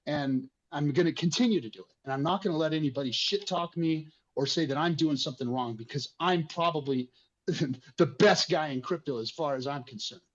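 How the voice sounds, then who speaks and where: A man's voice: fairly high pitch, fairly quick, dull audio. A man hosting an online community discussion, speaking passionately and emotionally with frequent swearing.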